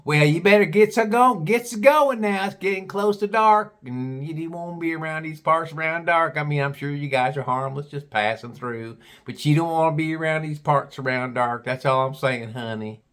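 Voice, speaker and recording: A man's voice: on the high side, moderate pace, hardly any pauses, fairly bright tone, natural voice. A man voicing a chatty teenage girl from the rural South who drawls in a Southern accent and rambles on.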